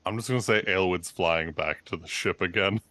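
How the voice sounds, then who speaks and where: A man's voice: sits low, a little fast, bright, forceful tone, no room sound. A man playing in a tabletop game, speaking in an amused way. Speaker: player. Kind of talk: casual tabletop play.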